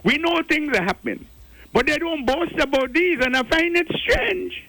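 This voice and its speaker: An older man speaks in a strikingly high, bright voice, sermonizing like a preacher as he calls in to a radio show. His delivery is rhetorical and insistent, hammering on single words to make his point. The sound is close and dry, with no room around it. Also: lively intonation, normal speed, creaky, dry recording, low-quality recording. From Grenada. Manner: preachy, rhetorical, repeats key words for stress. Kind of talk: impassioned call-in commentary.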